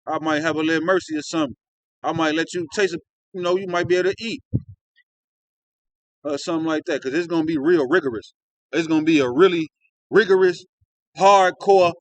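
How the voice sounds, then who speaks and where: A man with a notably high-pitched voice gives informal scripture commentary. He alternates reading verses aloud with loose, slangy riffs full of "you know what I'm saying" and "man." The sound is that of a phone recording. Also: no room sound, rough recording. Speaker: street-style Bible teacher.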